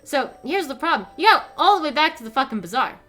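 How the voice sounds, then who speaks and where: A young woman streamer ranting in casual commentary, animated and profane, with lots of fillers. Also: high voice, fast talker, faint music behind.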